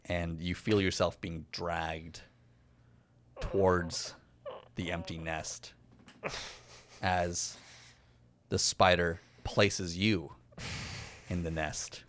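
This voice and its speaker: Deep-voiced man running a tabletop game. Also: very slow, long pauses, a little hiss or hum. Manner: relaxed, chatty, laughs often. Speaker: game master. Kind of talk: improvised fantasy game narration.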